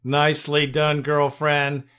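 A man's voice: on the high side, monotone, slow, fairly bright tone, a little hiss or hum. A man hosting a sports call-in podcast, easygoing and chuckling between thoughts. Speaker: podcast host. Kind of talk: casual sports talk hosting.

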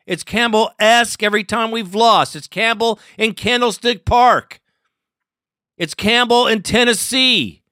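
A man's voice: very high-pitched, a little slow, sharp tone, dry recording, studio quality. A man hosting a sports fan podcast, ranting angrily and profanely after a lost game. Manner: profane and furious, swearing constantly. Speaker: podcast host. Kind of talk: angry postgame rant.

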